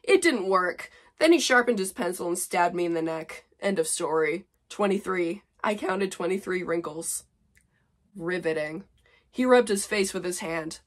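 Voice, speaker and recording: A woman's voice: fairly low pitch, expressive, normal speed. Woman in her twenties, sarcastic vlogger reading old fanfic, self-mocking. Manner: sarcastic, exasperated, laughing at herself.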